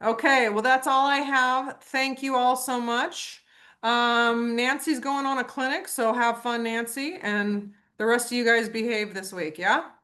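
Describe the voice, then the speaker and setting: A lively woman with a fairly high voice, hosting a relaxed group call about horses. She tells stories with energy and leaps up in pitch when she acts out what people said. She is middle-aged and chats easily. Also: a little slow. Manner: animated storyteller, acts out quotes with big pitch jumps. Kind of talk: casual group video call chat.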